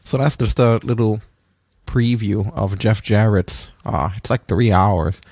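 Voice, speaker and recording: A man's voice: lowish voice, measured pace, no room sound. A man hosting a wrestling podcast in casual chat, joking with his co-host and leading the segments. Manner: relaxed, joking, runs the segments.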